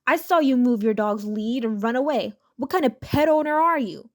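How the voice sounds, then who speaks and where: A woman voicing a demanding, accusing entitled mother in an animated story reading. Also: a little high, moderate pace, lightly acted. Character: shrill pushy entitled mother, middle-aged.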